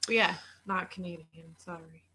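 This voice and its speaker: A woman's voice: fairly low pitch, fairly even intonation, moderate pace, sharp tone, slightly rough. A woman from Nebraska co-hosting a casual live stream, giggling and chiming in with short remarks. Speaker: co-host.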